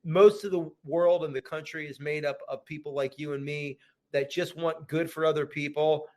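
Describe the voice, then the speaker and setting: A man's voice: a little high, fairly even intonation, moderate pace, darkish tone. A middle-aged man talking earnestly as a podcast guest, repeating his phrases and tagging thoughts with "man". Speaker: guest actor. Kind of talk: casual podcast interview.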